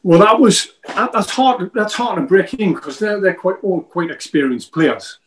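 A man, talking in a loose, rambling way. He jokes around and circles back over his own words while recalling old times, his voice sitting a little high. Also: expressive, moderate pace, slight background noise, rough recording. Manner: rambling, joking, repeats himself. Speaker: former footballer guest. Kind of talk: casual interview chat.

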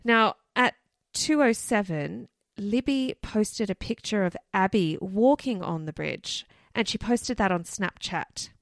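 A woman's voice: mid-range voice, lively intonation, a little slow, hardly any pauses, dry recording, clean studio sound. A woman co-hosting a podcast, telling a case in a chatty, loose way full of asides. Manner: chatty, loose, many "you know" and "like" asides. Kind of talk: casual storytelling chat.

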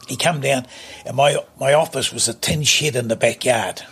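An older man from New Zealand, a guest on a podcast, tells stories bluntly and emphatically, repeating himself in casual interview talk. His husky voice is medium-pitched with a fairly bright tone, at normal speed.

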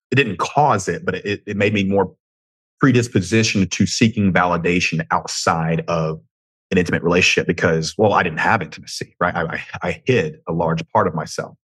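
A very deep, husky man with a light Southern twang talks through a solo podcast from home. He rambles, swears freely and cracks jokes at himself. The recording is close and dry. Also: fairly bright tone, dry recording. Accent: Southern American twang. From United States. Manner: rambling, profane and self-joking, with frequent tangents. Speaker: podcast host. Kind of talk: casual solo podcast monologue. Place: home room.

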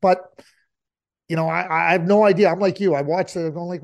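A man's voice: high voice, steady tone, fairly quick, gravelly. A man talking hockey as an analyst in a casual chat, emphatic and repeating his points for effect.

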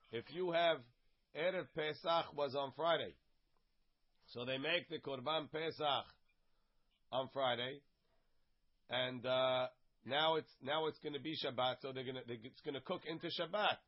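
A man teaching a casual text study class. He reads each phrase and then translates and explains it in plain words. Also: on the high side. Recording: dull, lo-fi sound.

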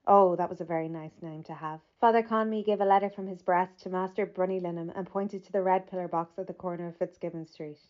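A woman narrating a literary audiobook in a measured, even reading that lifts slightly for quoted speech. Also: fairly low pitch. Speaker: audiobook reader. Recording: slightly muffled lo-fi recording.

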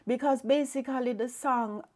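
A woman's voice: high voice, steady tone, moderate pace, a little mellow. A woman hosting a podcast, telling a personal faith story in an earnest, reflective way. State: tearful, emotional. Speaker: podcast host.

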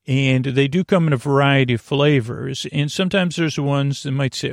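A man hosting a sleep podcast, talking in a creaky voice and wandering off on tangents in a meandering bedtime ramble. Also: medium pitch, moderate pace, few pauses, no room sound, studio quality.

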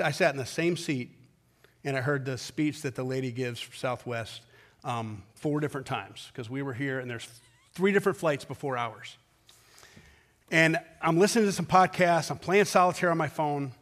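High-voiced middle-aged pastor telling a story. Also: male voice, normal speed, fairly bright tone. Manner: anecdotal and emphatic, with rhythmic repetition. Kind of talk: conversational sermon storytelling.

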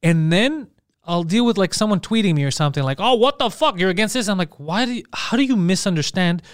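Fast-talking, high-voiced male comedian. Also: animated, no room sound, studio quality. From Montreal, Canada. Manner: rapid, profane, exasperated storytelling. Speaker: podcast host and comedian. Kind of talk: casual chat.

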